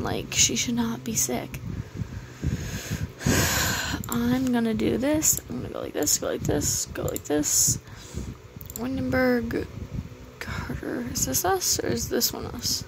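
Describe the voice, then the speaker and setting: A gaming video creator casually narrates her play, muttering menu commands under her breath and sighing now and then in mild exasperation. Her voice is on the high side with vocal fry, and a noisy hiss runs through the background.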